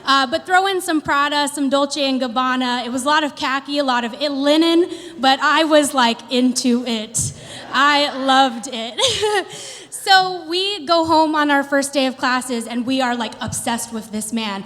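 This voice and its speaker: A woman in her thirties performing a stand-up comedy routine, telling an animated story with playful put-on quotes. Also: high-pitched, a little slow. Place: theater stage before a live audience. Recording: reverberant hall with faint ambience.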